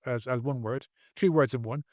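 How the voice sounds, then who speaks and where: A man's voice: mid-range voice, moderate pace, darkish tone, dry recording, clean studio sound. A man speaking as a podcast guest, earnest and preachy, repeating phrases for emphasis. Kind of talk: podcast interview.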